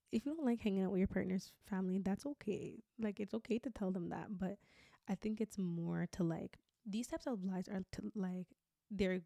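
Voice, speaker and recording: A young woman hosts a podcast in a candid, chatty monologue, filling her talk with "like". Her voice is mellow and sits in a middle range, and the recording is dry and close, with no room sound. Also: mid-range voice, gravelly, no room sound. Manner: candid, chatty, heavy use of "like". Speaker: podcast host.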